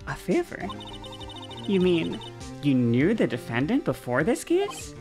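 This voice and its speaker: A woman doing a low, composed lawyer mentor. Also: wildly swooping pitch, unhurried, over music, heavily acted. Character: calm, composed senior woman attorney mentor.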